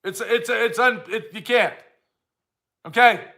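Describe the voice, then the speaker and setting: A man's voice: very high-pitched, takes it slowly, creaky, sharp tone. A man delivering a heated, blunt ranting monologue to camera, repeating his points for emphasis. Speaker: vlogger.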